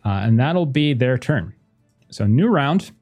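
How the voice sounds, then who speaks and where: A man's voice: medium pitch, expressive, measured pace, a little mellow. A man in the middle of his range runs a tabletop game as game master, talking on his own mic over a voice call. He halts and thinks aloud with many fillers and laughs often as he goes, while faint music plays behind him.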